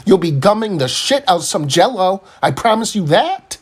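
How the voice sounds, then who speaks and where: A man's voice: sits high, sing-song, moderate pace, breathy edge. A man telling a comic story in a crude, exasperated way, cursing heavily. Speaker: comedic storyteller.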